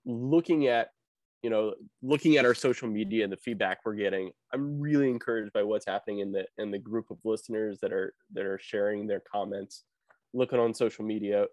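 A man's voice: lowish voice, brisk, darkish tone, dry recording. Podcast host guy, playful chatty, dry studio sound. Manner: playful, theatrical intro voice. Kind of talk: casual podcast chat.

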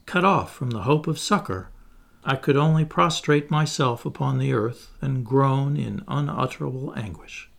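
Solemn male narrator with a gravelly voice. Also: mid-range voice. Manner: measured, solemn. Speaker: audiobook reader. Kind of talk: first-person memoir narration.

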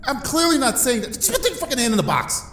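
Comedy sketch: a man as a commanding old woman tester, deep-voiced, recorded in a roomy space. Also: moderate pace, mellow, slight background noise, close to an everyday voice. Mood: exasperated. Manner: commanding, exasperated. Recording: roomy echo.

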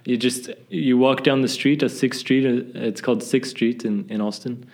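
A man's voice: medium pitch, normal speed. A man from the American South with a faint American accent, chatting casually and rambling, with frequent laughs. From southern United States. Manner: relaxed, rambling, laughs often. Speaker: English teacher at a school. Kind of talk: casual chat.

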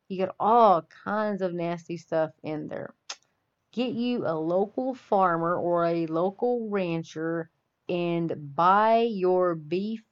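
A woman from the Texas Panhandle, hosting an opinionated monologue with a folksy, preachy and emphatic delivery. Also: lowish voice. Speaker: podcast host. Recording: dull lo-fi audio.

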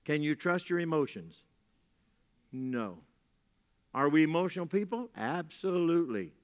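A man's voice: on the high side, sing-song, unhurried. Folksy man preaching in a reverberant hall. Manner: folksy, repeats key lines for emphasis. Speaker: pastor. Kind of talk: sermon. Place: church hall. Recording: long reverb from a church hall.

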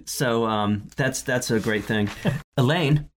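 Man, casual co-host, mid-pitched, rambling storyteller who laughs often. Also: slow pace, a little hiss or hum. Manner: rambling, laughs often, many fillers and restarts. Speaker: podcast co-host. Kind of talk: casual chat recapping episodes.

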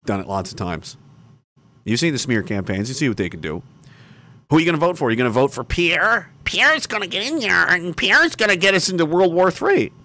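A man in a mid-range voice rants on his livestream. He swears constantly and mocks his listeners with sarcasm. He flips between bitter muttering and loud, jeering challenges. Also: mid-range voice. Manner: angry, profane and sarcastic, with bursts of mocking shouting. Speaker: livestream host. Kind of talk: profane livestream rant.

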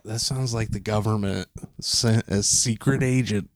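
A man guesting on a comedy podcast, speaking in a casual, wry, deadpan way. The recording is dry and close. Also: lowish voice, measured pace, no room sound.

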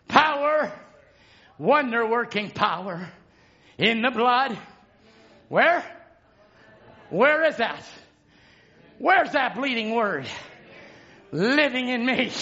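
A male preacher delivering a sermon, shouting in a repetitive, chanting cadence. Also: extremely high pitch, muffled recording.

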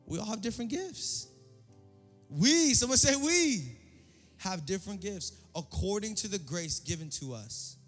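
A male pastor preaching a sermon in a church service, energetic and repetitive, calling for responses from the congregation. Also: sits high, unhurried. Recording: long hall reverb, faint music.

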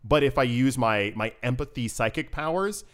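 Man, casual podcast chat, animated, laughs a lot, plays out little quotes. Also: mid-range voice, moderate pace. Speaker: podcast co-host. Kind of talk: casual chat about games.

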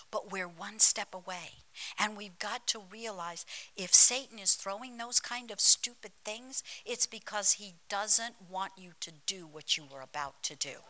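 A woman's voice: medium pitch, sharp tone, poor audio. A woman pastor delivering a sermon in church. She is emphatic, drops into dramatic whispers and tells humorous stories while calling out to the congregation. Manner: storytelling with humor, calls to the congregation.

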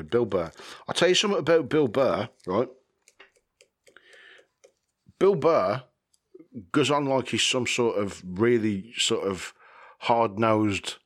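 A man hosting a podcast, rambling casually, swearing freely and chuckling often. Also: lowish voice. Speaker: podcast host.

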